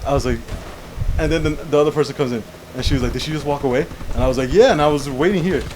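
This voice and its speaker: A man's voice: on the high side, racing, a little mellow, slight background noise, low-quality recording. A young man co-hosting a casual chat show, telling a long rambling story and often saying "how you call it". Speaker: podcast co-host.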